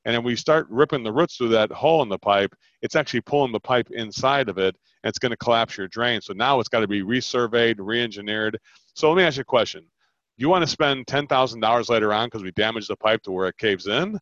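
A man coaches someone on selling, lively role-playing both sides of the call. His mid-range voice is brisk and dryly recorded. The call audio comes through dull and lo-fi.

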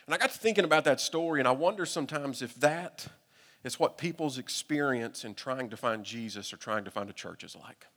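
A man with a Southern US accent, a pastor telling a humorous, animated story during a sermon. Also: medium pitch, fairly quick. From United States. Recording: long reverb from a hall.

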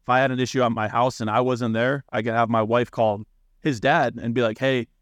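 A man's voice: mid-range voice, fairly even intonation, fairly quick, no echo. A married man in a casual podcast chat, easygoing, telling stories and laughing as he goes. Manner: easygoing, laughs while talking, storytelling. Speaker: podcast guest.

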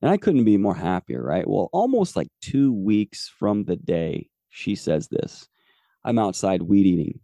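Forties guy podcast host rambling through his faith story, gravelly low voice, real dry close mic. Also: sing-song, a little slow, dark tone, no echo. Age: 40s. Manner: rambling, earnest, many fillers. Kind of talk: personal faith testimony.

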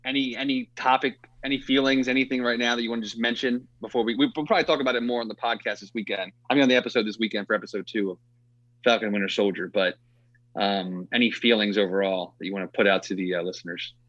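A man's voice: on the low side, fairly even intonation, quick pace, a bit bright, no room sound, highs cut off. A man hosting a casual movie podcast, rambling with lots of fillers and easy laughs. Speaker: podcast host.

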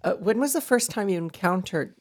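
A woman's voice: medium pitch, lively intonation, fairly quick. A woman hosting an interview, asking casual open questions and reacting briefly. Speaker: interviewer host.

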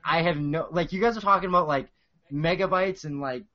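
A man's voice: a little high, fairly quick, highs cut off. A man in his late twenties with a Boston accent, a guest in casual podcast chat, rambling with lots of fillers. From South Korea. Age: 20s. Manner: rambling, filler-heavy storytelling.

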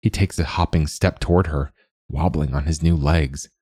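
A man hosts a fiction podcast and narrates a short story. His voice is very deep, and he reads in a measured, deliberate way. The recording is dry and close. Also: steady tone, warm tone, breathy edge, no room sound.

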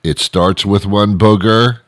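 Middle-aged male storyteller, very low voice, unhurried delivery, digressive and wry. Dry room sound. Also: steady tone, no room sound. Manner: digressive, sarcastic asides, frequent "uh" fillers. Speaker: comedic storyteller. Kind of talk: rambling comic monologue.

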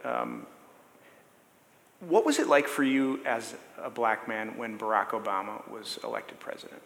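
A man's voice: medium pitch, unhurried, creaky, a bit bright. A man interviewing a guest before an audience, asking questions in a friendly, curious way. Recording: roomy hall reverb.

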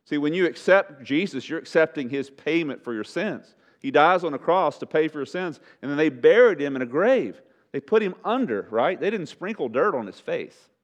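A man preaching a sermon to a congregation, swinging from loud emphatic lines to hushed pleading and asking them rhetorical questions. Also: fairly high pitch, lively intonation, moderate pace, few pauses. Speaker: pastor.

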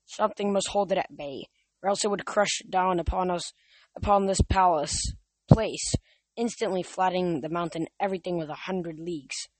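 Young man reads as a sneering immortal Titan, slow and booming, in a dry storybook reading. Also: fairly even intonation, dry recording. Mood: gloating. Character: menacing Titan father, male, cruel and gloating.

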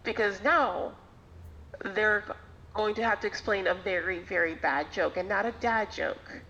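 A woman's voice: mid-range voice, a little slow, bright, forceful tone. A woman telling a story in casual podcast chat, wry and playful in her delivery. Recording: dull lo-fi recording.

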